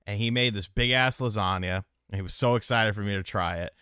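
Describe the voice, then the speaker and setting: A man co-hosting a podcast in casual chat, cursing freely and telling animated stories. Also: fairly low pitch, brisk, clean tone, no room sound, studio quality. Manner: profane, animated storytelling. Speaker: podcast co-host.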